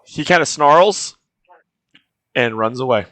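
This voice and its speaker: A man's voice: medium pitch, animated, slow, fairly bright tone, dry recording. A man narrating as game master, playful and laughing as he voices characters. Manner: laughing, playful, voicing figures casually.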